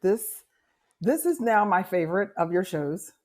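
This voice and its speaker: A woman's voice: lowish voice, animated, measured pace, a little mellow. Effusive woman on a video call. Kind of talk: casual chat.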